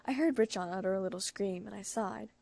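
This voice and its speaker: A woman narrating a first-person fanfiction audiobook, reading briskly and lifting her pitch for excited characters. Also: vocal fry.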